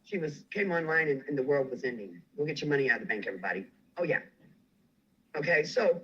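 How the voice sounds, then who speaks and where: A man's voice: a little high, very animated, a little fast, pushed and bright, breathy edge, highs cut off. A man furiously ranting on a livestream, swearing and making threats. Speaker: guest on a livestream. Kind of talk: angry livestream rant.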